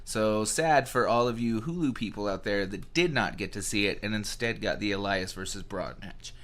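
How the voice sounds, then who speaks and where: A man co-hosting a podcast in casual chat, excitable and swearing freely, with mock rants. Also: lowish voice, normal speed. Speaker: podcast co-host.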